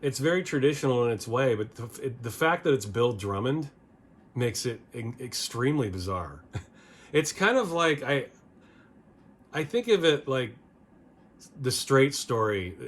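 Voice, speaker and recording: A man's voice: mid-range voice, lively intonation, unhurried, long pauses, husky. A man hosting a casual record-review video, rambling and opinionated, often restarting his sentences. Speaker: music video host.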